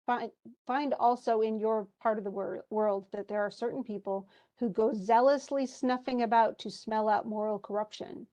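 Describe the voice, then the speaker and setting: A woman's voice: on the high side, steady tone, normal speed, warm tone, natural voice. A woman reading the lines of an unsentimental middle-aged male doctor from a play in a plain, lightly voiced manner. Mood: dry. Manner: plain read-through with little voicing.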